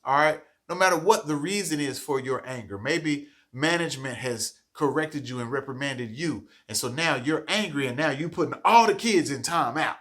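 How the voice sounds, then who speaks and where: A man's voice: on the high side, moderate pace, few pauses, fairly bright tone. A man giving a training talk to childcare teachers, earnest and coaching, often checking in with "okay?".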